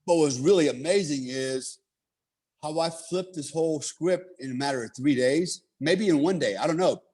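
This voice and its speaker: A man's voice: fairly high pitch, normal speed, a little mellow, breathy edge. A man telling a long story in a casual way, swearing freely and saying "you know" and "right?" often. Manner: profane, laid-back, heavy on "you know" and "right?".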